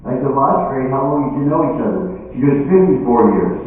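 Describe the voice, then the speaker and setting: A man doing stand-up at a senior living community, snapping through one-liners and quick character voices. His voice rings through a big reverberant room, picked up from a distance. The sound is narrow and tinny, like a phone line. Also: mid-range voice, expressive, slight background noise. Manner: punchy joke delivery with quick voiced characters. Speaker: comedian. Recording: echoey hall, distant mic, phone-like sound.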